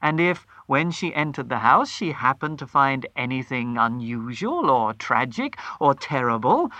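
Story reader, dramatic and animated, bright tone, dry close sound. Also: medium pitch, dry recording. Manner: dramatic, animated delivery with varied pace. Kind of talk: expressive story reading.

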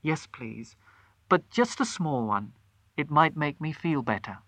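A man reading aloud voices a gentle, grieving young housewife in a told story. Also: a little high, lively intonation, a little slow, no room sound. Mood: pleading. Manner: gentle, pleading.

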